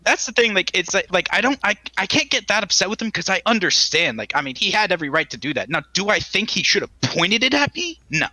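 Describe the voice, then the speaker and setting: A man's voice: high-pitched, big pitch swings, fast, hardly any pauses, bright, forceful tone, no room sound. A young man co-hosting a casual podcast, telling a story with lots of laughs and acted-out quotes. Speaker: podcast co-host. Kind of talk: casual chat.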